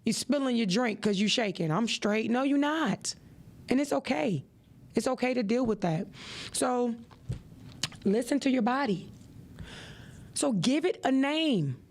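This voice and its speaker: Gravelly-voiced woman giving a pep talk. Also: unhurried, long pauses. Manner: animated and preachy, with expressive rises in pitch. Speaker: podcast host. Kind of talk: motivational podcast talk.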